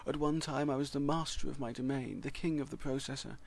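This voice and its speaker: A man's voice: mid-range voice, fairly even intonation, a little fast, gravelly, voice pushed up. A man voicing a frail, wheezing old programming language that mourns its glory days. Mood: wistful. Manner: weary, self-pitying, grandly nostalgic.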